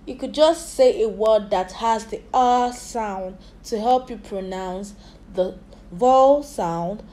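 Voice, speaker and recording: A woman English teacher leading a phonics lesson for young children, slowly sounding out and spelling words for them to repeat. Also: a little high, darkish tone. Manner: slow, drilled repetition of sounds and spellings.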